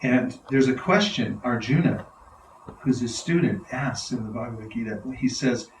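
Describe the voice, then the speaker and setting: A man's voice: mid-range voice, moderate pace, a little hiss or hum. A man giving an enthusiastic devotional talk to a live audience, often laughing as he tells stories. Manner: enthusiastic, laughing, animated storyteller. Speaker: spiritual teacher. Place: large room with a live audience. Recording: roomy hall, mic far off.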